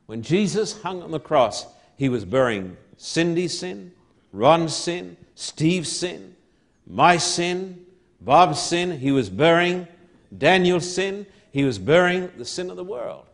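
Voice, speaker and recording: A man preaching a sermon, slow and emphatic, repeating key words and building to loud proclamations. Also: on the high side, lively intonation, gravelly.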